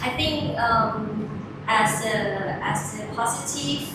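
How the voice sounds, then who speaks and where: Thai-accented woman student, hesitant answers, distant mic, echoey classroom with loud noise. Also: fairly high pitch, slow pace. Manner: hesitant, filler-heavy.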